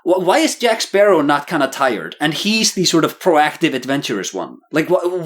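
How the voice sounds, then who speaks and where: A man with a fairly high voice co-hosts a casual podcast, sharing critical takes in an animated, joking way. His delivery is loose and conversational. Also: normal speed, few pauses. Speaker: podcast co-host.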